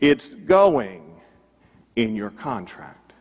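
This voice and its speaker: A man playing an angry male record company boss who yells and hammers each demand, heard in a big reverberant room. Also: medium pitch, big pitch swings, very slow, full character voice. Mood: yelling. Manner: shouting, hammering each phrase.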